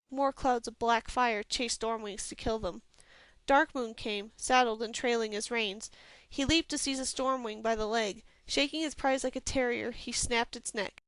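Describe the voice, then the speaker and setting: A woman narrates a fantasy novel at a steady, even pace. Her voice sits a little high and comes through smooth and clear. The recording is close and dry. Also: dry recording. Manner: steady, even storytelling reading. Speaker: audiobook reader.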